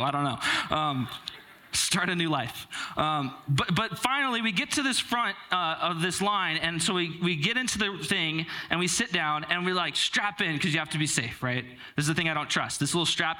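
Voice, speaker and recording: A man's voice: on the high side, sharp tone. A young man preaching a sermon to a church, telling a self-deprecating personal story in a conversational way with frequent filler words. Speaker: pastor.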